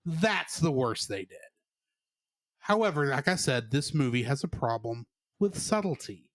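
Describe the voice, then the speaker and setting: A man co-hosting a podcast, giving an animated, sarcastic movie review in casual chat. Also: mid-range voice, unhurried, no echo, clean studio sound. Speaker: podcast co-host.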